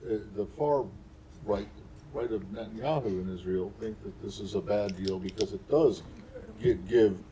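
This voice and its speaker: A man's voice: fairly low pitch, moderate pace, dark tone, low-quality recording. A male reporter at a press briefing, pressing follow-up questions and talking over the answer. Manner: pressing, interrupting follow-ups. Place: briefing room.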